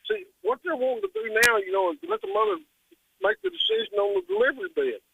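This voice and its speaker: A man's voice: very high voice, huge pitch swings, fast, vocal fry, no echo. A man calling into a radio show, talking emphatically and repeating his points over a phone line. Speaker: caller. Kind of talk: call-in radio talk.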